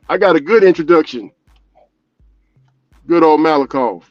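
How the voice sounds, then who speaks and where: High-voiced man telling road stories. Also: dry recording, muffled recording. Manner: loose, profane storytelling with frequent laughs. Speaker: delivery driver vlogger. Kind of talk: casual chat.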